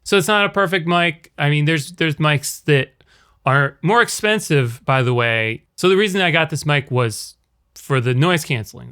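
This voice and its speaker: A man casually talking through a microphone review, rambling and correcting himself as he tests how it sounds up close and from further back in a quiet room. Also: medium pitch, smooth. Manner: rambling, self-correcting, demonstrates by talking at different distances. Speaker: video creator reviewing a microphone. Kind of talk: casual gear demonstration. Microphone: shotgun mic on camera, near and far.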